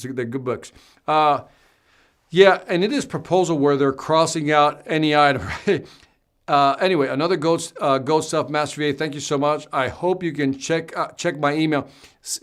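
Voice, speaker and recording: A man's voice: on the high side, fairly bright tone. A man hosting a live stream, reading viewer comments aloud and answering them in a chatty, upbeat way.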